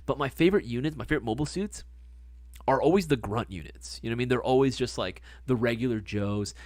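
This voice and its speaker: A man hosting a livestream, chatting casually and rambling through stories with lots of swearing and excited gushing. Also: mid-range voice, fast, no room sound. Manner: profane, rambling storyteller; excitable, gushing about hobbies. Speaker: livestream host.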